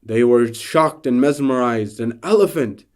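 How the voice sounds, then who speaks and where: A man's voice: mid-range voice, measured pace, a little mellow. A male lecturer telling a parable during a religious talk, with dramatic delivery and repeated rhetorical questions.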